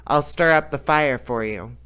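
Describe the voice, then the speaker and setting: A man's voice: mid-range voice, a little slow, sharp tone, smooth. A man reading a storybook aloud, voicing a bold, cheerful young man who cannot learn to shudder. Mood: cocky. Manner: cheerful, unbothered, cocky.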